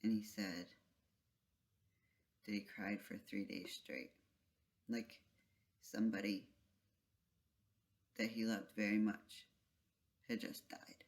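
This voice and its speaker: A vlogger retelling a story in a soft, halting, emotional way, with trailing phrases and whispered asides. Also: sits low, steady tone. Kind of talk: casual spoken vlog retelling.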